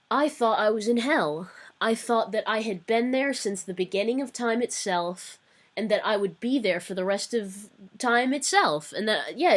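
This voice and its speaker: A young woman vlogger with a medium-pitched voice tells a candid personal story, rambling with lots of fillers and self-corrections in a darkly wry tone.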